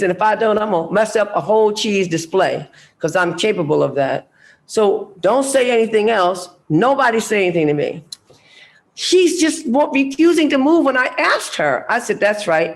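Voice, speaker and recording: An older American woman speaking on a panel, telling a story with emphatic, animated delivery and acting out the dialogue. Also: mid-range voice. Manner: emphatic, animated, acts out dialogue, laughs often.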